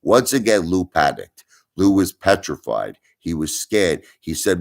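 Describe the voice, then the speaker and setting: A middle-aged man hosting a live stream in a very deep, low voice. He talks in an insinuating way, piling up rhetorical questions and repeating himself for emphasis. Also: sing-song, normal speed, vocal fry. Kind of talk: livestream commentary.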